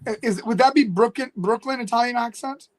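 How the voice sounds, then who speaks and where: A man co-hosting a podcast in casual chat, who speaks haltingly with frequent restarts. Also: very high-pitched. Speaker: podcast co-host.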